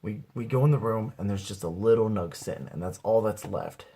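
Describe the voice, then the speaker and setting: Husky rambling young man telling a story. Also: lowish voice, a little fast, mellow. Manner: rambling, profane, laid-back. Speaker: aspiring comedian vlogger. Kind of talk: casual anecdote storytelling.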